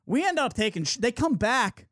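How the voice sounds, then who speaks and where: A man hosts a podcast and tells a story in casual chat, acting out each person he quotes. His pitch swings widely as he talks. The sound is dry and close, with no room echo. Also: very animated, moderate pace, fairly bright tone. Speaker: podcast host. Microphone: studio mic.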